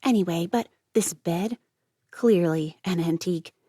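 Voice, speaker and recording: A woman reading an audiobook, voicing a chatty, excitable young woman who rambles on in run-on bursts. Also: lowish voice, unhurried, no echo, studio quality. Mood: gushing.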